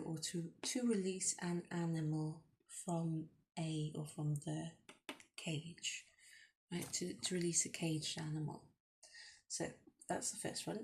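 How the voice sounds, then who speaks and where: A middle-aged woman teaching a language lesson at a whiteboard, explaining slowly with many fillers. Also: deep voice, darkish tone.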